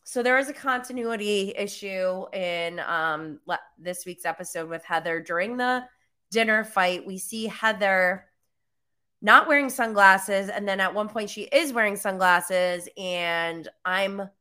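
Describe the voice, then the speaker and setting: A young woman talks in a loose, chatty way, with lots of "like" and easy laughter. Her voice is bright and clear. She speaks at an unhurried, drawn-out pace, as a host talking straight to her listeners. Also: mid-range voice. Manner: chatty, laughs often, many "like" fillers. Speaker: podcast host recapping reality TV. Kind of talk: casual chat.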